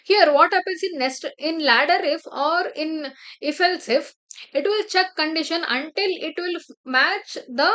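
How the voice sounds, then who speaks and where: A woman teaching a programming lesson over a screen share. She explains step by step and keeps checking with "right?" and "clear?". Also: very high voice, a bit bright. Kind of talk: screen-share coding tutorial.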